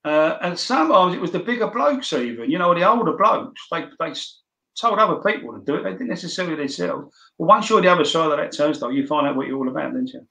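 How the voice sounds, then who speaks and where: A man's voice: fairly high pitch, expressive, fast talker, gravelly, sharp tone, roomy sound, low-quality recording. Rambling older London man. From London, England. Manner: rambling, anecdotal, many restarts. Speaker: interview guest. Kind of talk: casual storytelling.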